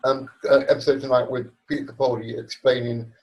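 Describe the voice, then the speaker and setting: A man with an ordinary mid-pitched voice talks on a fan podcast. He speaks assertively, often cutting in with short, firm replies. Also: little pitch movement, fairly quick, a little mellow, low-quality recording. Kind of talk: casual fan podcast chat.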